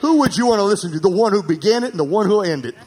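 A man preaching a sermon as pastor, calling for amens and swinging from emphatic, near-shouted peaks to quiet asides. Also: high voice, lively intonation, racing. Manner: calls for amens from the congregation.

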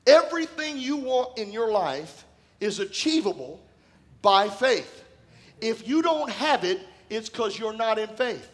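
A man pastor preaching a sermon in a church, telling personal stories in a conversational way that bursts into shouting and laughter. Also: sits high, big pitch swings, measured pace. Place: church sanctuary.

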